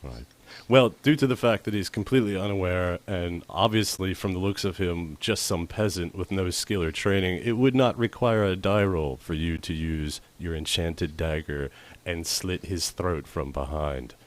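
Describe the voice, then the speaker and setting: A man running a tabletop game as dungeon master, chatty and quick with asides, often laughing. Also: sits low. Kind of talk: narrating a tabletop game on a livestream.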